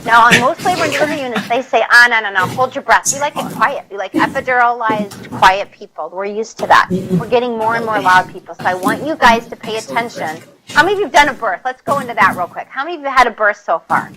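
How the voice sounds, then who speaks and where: A woman nursing instructor giving a classroom lecture, energetic and coaxing as she leads the group through exercises. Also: fairly high pitch, quick pace, few pauses, a crowd in the background, rough recording. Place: lecture hall. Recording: loud background noise.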